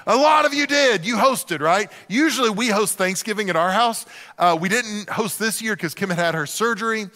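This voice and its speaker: A middle-aged man preaching a sermon to a church, telling humorous, animated stories with acted-out asides. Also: high voice, normal speed, big-room sound. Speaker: pastor.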